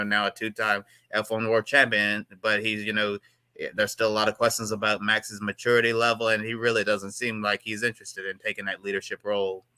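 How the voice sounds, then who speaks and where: A man with a low, monotone voice that is strikingly bright and crisp. He speaks thoughtfully on a panel, stumbling and repeating words as he searches for the right phrase. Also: no room sound. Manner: reflective, hesitant with repeated words. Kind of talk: casual panel discussion.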